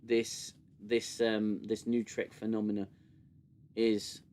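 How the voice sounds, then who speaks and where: A man's voice: lowish voice, monotone, slow pace, darkish tone. A British man hosting a casual livestream and reviewing a show, rambling with many fillers and restarts into a desk mic. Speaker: livestream host.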